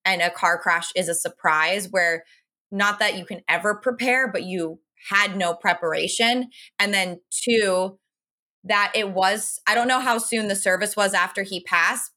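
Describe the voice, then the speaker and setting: A woman's voice: medium pitch, bright, forceful tone. A woman co-hosting a podcast, speaking earnestly and supportively and making her points in order. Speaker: podcast co-host. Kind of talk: casual podcast conversation.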